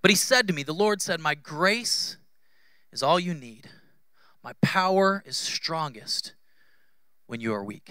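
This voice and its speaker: A man's voice: a little high, expressive, a little slow, long pauses, sharp tone, clean tone, dry recording. A male pastor in his thirties giving a conversational, humorous sermon in church, acting out quoted voices.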